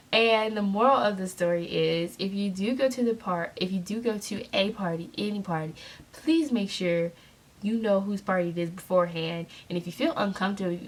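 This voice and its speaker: A young woman, telling an animated, sassy storytime vlog to her viewers. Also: mid-range voice. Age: young adult. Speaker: vlogger.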